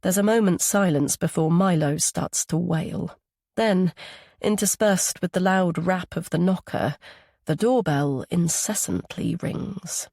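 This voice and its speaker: Husky low woman reading a thriller audiobook. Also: measured pace, a little mellow, no room sound, studio quality. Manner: voices each character in dialogue. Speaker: audiobook narrator. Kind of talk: scripted audiobook narration.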